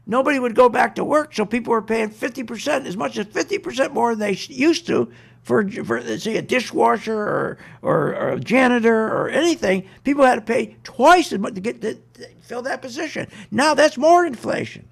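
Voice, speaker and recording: High-pitched, gravelly man ranting. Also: expressive. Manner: indignant, rapid, mocking with sarcastic quoted asides. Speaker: radio show host. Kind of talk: political rant on a talk radio show.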